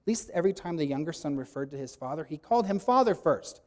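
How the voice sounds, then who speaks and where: A man preaching a sermon, teaching emphatically and acting out quoted lines with sudden loud bursts. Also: fairly high pitch, animated, fast talker.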